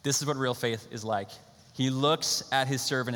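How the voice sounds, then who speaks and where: A man preaching a sermon in a casual, energetic way, acting out the people of a Bible story in a lively voice. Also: medium pitch, moderate pace, long reverb tail. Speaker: pastor.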